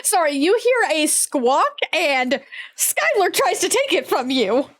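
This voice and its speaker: Slow, high-voiced woman game master. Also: big pitch swings, fairly bright tone. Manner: halting, filler-heavy narration. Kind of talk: narrating a tabletop game.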